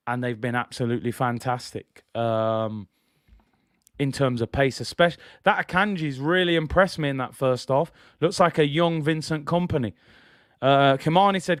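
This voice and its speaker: A man's voice: medium pitch, fairly even intonation, normal speed, clear, resonant tone, no room sound, studio quality. A man hosting a live football watch-along stream, giving opinionated chat and reading viewers' messages aloud.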